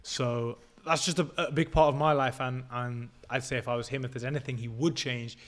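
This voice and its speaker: A man's voice: medium pitch, fairly even intonation, brisk. A 22-year-old man, a podcast guest who lays out his views step by step in a casual, assertive way and swears freely.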